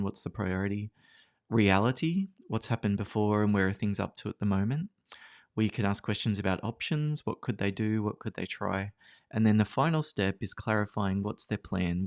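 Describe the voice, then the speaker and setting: Calm man teaching conflict resolution, low voice. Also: gravelly, no room sound, clean studio sound. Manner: calm, explanatory, models empathetic phrases. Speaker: workplace trainer. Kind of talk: recorded training seminar.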